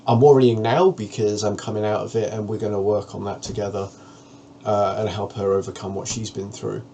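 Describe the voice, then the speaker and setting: A man with a low, gravelly voice speaks in a candid to-camera monologue, frank and earnest. A faint hiss sits behind him. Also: level tone, fairly quick, dark tone. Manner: frank, plain-spoken, earnest. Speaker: vlogger.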